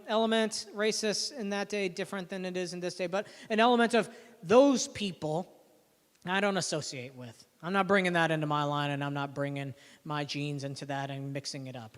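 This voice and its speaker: A pastor preaches in a relaxed, chatty way, slipping casual asides into his sermon. His voice sits fairly high for a man. The sound carries the long reverb of a church hall. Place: church sanctuary.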